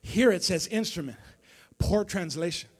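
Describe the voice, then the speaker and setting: A man preaching a sermon as pastor to a congregation in a church, calling out to the listeners and swinging from low talk to shouting. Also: expressive, normal speed, breathy edge. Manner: call-and-response preaching, dropping low then building to shouts. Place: church sanctuary before a congregation.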